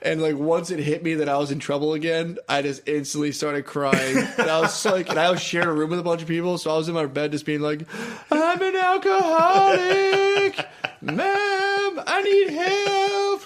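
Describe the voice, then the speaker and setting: A young man with a somewhat high voice telling stories in a relaxed chat. He swears often and slips into acted-out quotes. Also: fast talker, few pauses. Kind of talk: casual chat, storytelling.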